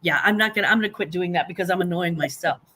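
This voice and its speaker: A woman's voice: on the low side, racing, bright, forceful tone. An older woman from the United States, chatting casually as a guest and slipping into mocking voices. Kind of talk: casual chat.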